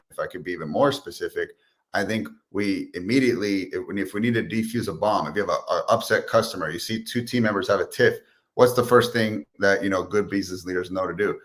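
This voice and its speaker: Low-voiced man telling business stories. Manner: animated storyteller, acts out quotes. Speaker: guest, sales expert and entrepreneur. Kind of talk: casual podcast interview.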